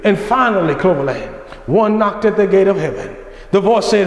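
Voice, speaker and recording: A man preaching in a church sanctuary with a high voice and a fervent, pleading cadence. His words ring out through a roomy hall with a long, lingering reverb. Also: animated, normal speed. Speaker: senior minister preaching. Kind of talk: sermon.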